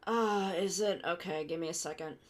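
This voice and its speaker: A woman's voice: fairly low pitch, normal speed. A woman streamer chatting casually and thinking aloud as she builds a model kit live. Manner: chatty, thinking aloud while working with her hands.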